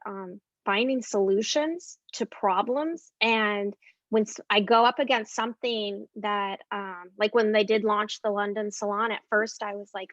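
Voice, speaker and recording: An upbeat woman speaks as an interview guest and fills her pauses with ums. Her mid-pitched voice comes through a dull, lo-fi recording. The sound is very dry, with no room around it. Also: a bit bright, no echo. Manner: upbeat, many filler ums. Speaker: guest entrepreneur. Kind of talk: casual interview talk.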